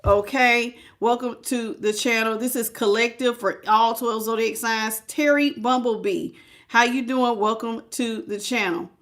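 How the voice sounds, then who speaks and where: A woman's voice: on the high side, steady tone, measured pace, fairly bright tone. A woman giving a casual live-stream tarot reading, chatty and frank, greeting viewers by name. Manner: frank and familiar, calls viewers y'all, child and baby.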